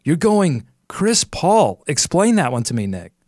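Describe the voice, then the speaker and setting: A man's voice: fairly high pitch, sing-song, a little slow, a little mellow, no echo. Upbeat male podcast host, dry sound. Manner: upbeat, jokey, thinking aloud while picking. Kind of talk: casual sports podcast chat and ad read.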